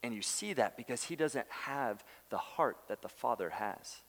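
A man preaching a sermon, telling a story with lively acted-out quotes and laughing asides. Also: medium pitch, moderate pace. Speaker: pastor. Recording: long hall reverb.

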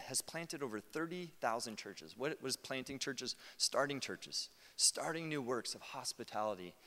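An American man in his thirties, a pastor giving a conversational sermon with lively asides. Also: medium pitch. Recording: long hall reverb.

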